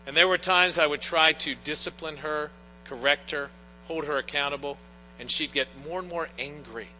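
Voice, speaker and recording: Middle-aged pastor man telling stories in his sermon, bright voice, long echo in the church, bit of hum. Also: a little high, moderate pace. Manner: earnest, storytelling with personal anecdotes. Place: church sanctuary. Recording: long church reverb, faint mains hum.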